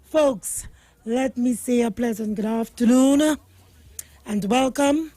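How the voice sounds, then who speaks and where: A woman's voice: fairly high pitch, slow pace, mellow, rough recording. A woman hosting a radio talk show, upbeat and teasing her co-host, with churchy sayings.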